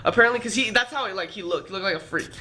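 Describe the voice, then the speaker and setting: A man's voice: high-pitched, racing, pushed and bright, slightly rough. A young man vlogging, telling a rambling, profane story full of fillers. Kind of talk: casual storytelling. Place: California trip, downtown L A.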